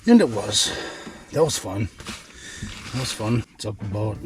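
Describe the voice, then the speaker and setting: A man narrating a fishing vlog from an ice fishing shelter. He murmurs softly to the fish and breaks into excited exclamations. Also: fairly low pitch, measured pace, background noise. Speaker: fishing vlogger.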